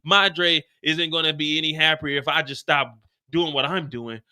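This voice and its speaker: A man's voice: fairly high pitch, fairly even intonation, normal speed, sharp tone, clear, resonant tone. A man voicing a drug dealer scolding his sister in a pushy voice. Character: adult male drug dealer, stubborn brother.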